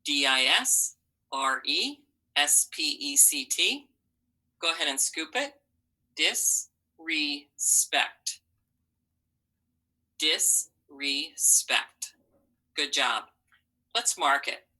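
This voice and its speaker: Teacher lady doing phonics for kids, bright voice, slow and encouraging. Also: sits low, big pitch swings, low-quality recording. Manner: slow, clear, encouraging, sounds out letters. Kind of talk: phonics lesson for children.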